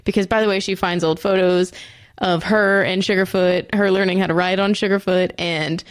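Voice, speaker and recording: A woman's voice: lowish voice, fairly even intonation, normal speed, clear, resonant tone, no echo, clean studio sound. A woman co-hosting a podcast, recapping a TV episode in a chatty, profane and self-mocking way. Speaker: podcast co-host.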